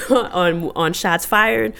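A woman co-hosting a podcast in casual chat, blunt and profane, her voice climbing into loud indignation. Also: fairly low pitch, drawn-out words, gravelly, slight background noise. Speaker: podcast co-host.

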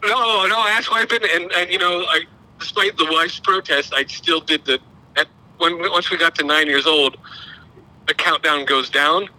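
Man, high voice, very bright tone, rambling self-deprecating storyteller, casual podcast chat. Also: steady tone, moderate pace, rough recording. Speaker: podcast co-host.

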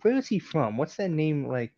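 A man's voice: fairly high pitch, sing-song, normal speed, warm tone, no echo. A man in casual chat, joking and rambling, often repeating his words as he stumbles along. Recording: slightly dull, dry recording.

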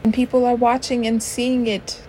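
A woman putting on a vague, mixed put-on accent, giving a slow, dramatic, affirming pep talk. The voice sits fairly high and unhurried. A faint hiss runs underneath. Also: flat delivery, warm tone, rough recording. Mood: encouraging.

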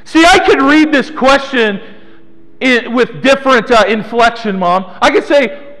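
A man preaches to a small church, his voice sitting very high for a man. He teases listeners by name between points. The sound rings on with long hall reverb. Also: expressive, moderate pace, fairly bright tone. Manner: playful, teasing congregation by name. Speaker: pastor. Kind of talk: sermon.

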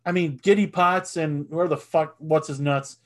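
A man in his thirties co-hosting a casual sports podcast, animated and swearing, and he gets loud when excited. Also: on the high side, normal speed. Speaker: podcast co-host.

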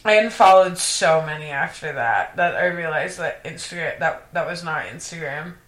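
A woman's voice: deep voice, normal speed. A young woman co-hosting a casual chat, joking along and laughing often. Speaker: podcast co-host. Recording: echoey room.

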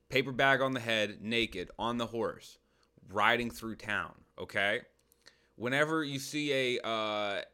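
A man answering listener questions on a comedy podcast, giving absurd advice in a deadpan way with mumbled asides. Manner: absurd deadpan advice, muttered asides, sudden falsetto jokes. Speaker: personal trainer.

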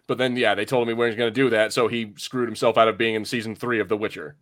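A man's voice: lowish voice, steady tone, fast, a bit bright, no echo, clean studio sound. A man co-hosting a podcast in casual chat, rambling and often correcting himself mid-sentence. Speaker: podcast co-host.

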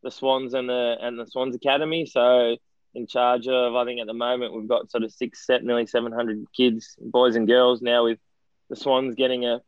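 An Australian man in a casual interview, spinning a self-deprecating yarn with plenty of ums, restarts and quoted dialogue. His voice sits at an ordinary middle pitch. The recording is dry and slightly muffled. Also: level tone, normal speed, clear, resonant tone, dry recording. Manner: rambling, self-deprecating storyteller with many restarts and fillers. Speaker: guest, former footballer and coaching director.

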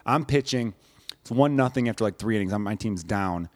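A man's voice: lowish voice, lively intonation, a little fast, no room sound. A young adult man in casual chat, a self-mocking storyteller who rambles through anecdotes.

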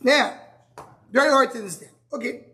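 Halting man teaching a Talmud class. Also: very high voice, bright, forceful tone. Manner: explains step by step, asks and answers himself; halting, restarts words. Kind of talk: live Gemara class.

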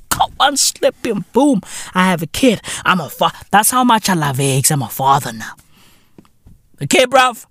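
Profane South African comic ranting. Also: male voice, high voice, sing-song, unhurried, fairly bright tone, dry recording. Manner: profane, repetitive, slangy ranting. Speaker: podcast host. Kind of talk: comedic rant.

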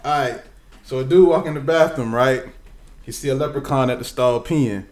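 A man's voice: medium pitch, moderate pace, reverberant, distant mic. A man casually telling a crude joke to a group at a microphone. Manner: casual, profane, lively. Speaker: joke teller.

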